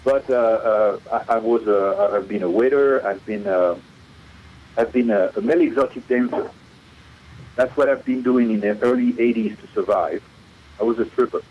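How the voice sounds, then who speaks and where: A man's voice: on the low side, normal speed, a little hiss or hum. A middle-aged man from France with a French accent, a guest musician talking in a casual radio interview, hesitant, with many fillers and restarts. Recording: dull lo-fi radio recording.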